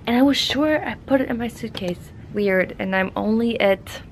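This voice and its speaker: A woman's voice: a little high, normal speed, slight background noise. A young woman working as a flight attendant, chatting casually in a rambling, giggly vlog style. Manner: chatty, rambling, laughs often.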